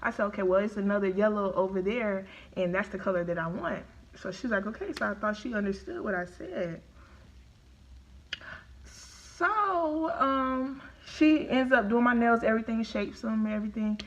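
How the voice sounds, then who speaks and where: During a live-streamed eating video, a woman vlogger tells her viewers a story, calling them y'all in a chatty, animated, casual way. Her mid-range voice comes through a phone or webcam at a moderate pace, and the audio is poor.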